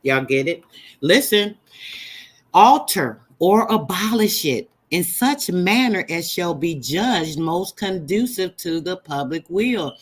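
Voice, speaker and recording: A woman's voice: lowish voice, animated, slow, husky. Emphatic woman preaching to her live chat. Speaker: livestream host. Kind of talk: live-stream teaching chat.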